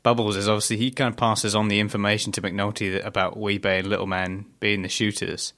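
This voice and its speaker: A man's voice: on the low side, level tone, fast, a bit bright. A young man co-hosting a casual TV recap podcast, thoughtful and hesitant with many fillers. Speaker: podcast co-host.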